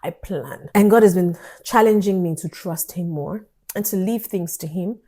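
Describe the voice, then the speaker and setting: Woman vlogging a storytime, mellow voice, super animated, laughs a lot. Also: on the low side, normal speed. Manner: animated storytelling, acts out dialogue, laughs often. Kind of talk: storytime vlog.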